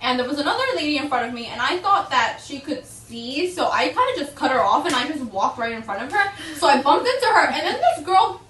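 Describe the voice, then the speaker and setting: A woman's voice: high voice, sing-song, a little fast, hardly any pauses. A young woman guest on a friend's vlog, telling a story in a blunt, teasing manner. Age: young adult. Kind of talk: casual storytelling chat. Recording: echoey room, mic far off, faint noise.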